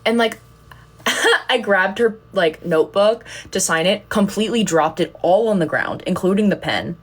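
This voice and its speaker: A woman's voice: medium pitch, expressive, normal speed. A young woman chatting casually on a livestream, telling rambling, giggly, self-deprecating stories. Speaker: content creator on a livestream.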